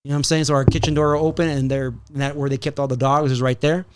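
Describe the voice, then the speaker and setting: Man, podcast host, slightly high voice, casual storytelling, profane, animated. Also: fast, smooth. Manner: profane, animated storyteller, mixes in Spanish phrases.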